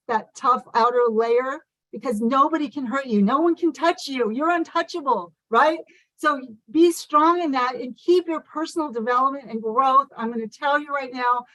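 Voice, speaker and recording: A woman giving a fast, passionate motivational talk over a video call, full of "like" and "you guys.". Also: on the high side, fairly bright tone, no room sound, low-quality recording. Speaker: motivational speaker at an online conference. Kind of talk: motivational speech.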